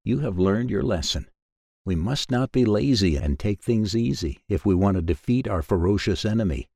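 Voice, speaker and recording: A man's voice: on the low side, expressive, normal speed, gravelly, dark tone, no room sound, clean studio sound. A man voicing a proud, wise old mother sow in a storybook reading, with a preachy manner.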